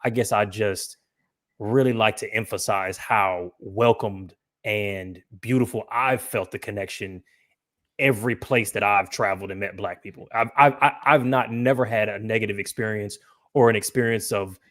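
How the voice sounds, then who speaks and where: A man's voice: fairly low pitch, fairly even intonation, moderate pace, fairly bright tone. Man from Atlanta, podcast host; chatty, filler-heavy casual talk. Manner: chatty, fillers, laughs while talking.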